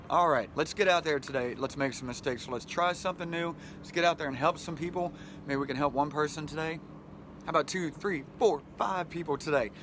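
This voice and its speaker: A man's voice: fairly high pitch, fairly bright tone, slight background noise. A middle-aged man hosting a casual motivational vlog outdoors by the water, talking into a handheld phone in a friendly, rambling way with frequent chuckles. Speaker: vlog host. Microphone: handheld phone camera.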